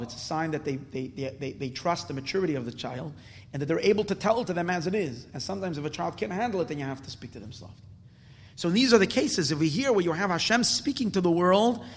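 Man, high voice, Torah teacher, earnest, emphatic, stumbles and repeats, echoing hall. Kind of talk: spoken Torah class. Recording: long hall reverb.

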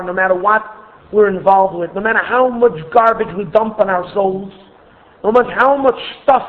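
An earnest man gives a Torah class, expressive and prone to restarting phrases. His voice sits fairly high. The recording is thin and tinny, like a phone line. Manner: earnest, expressive, repeats words when restarting. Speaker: Torah teacher.

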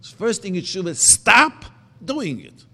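A man preaches in a fairly high voice that leaps up and down with feeling. He presses his points with rhetorical questions and slows down to chant the verses. His voice rings out in a hall with a long reverb. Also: big pitch swings, sharp tone. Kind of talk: sermon.

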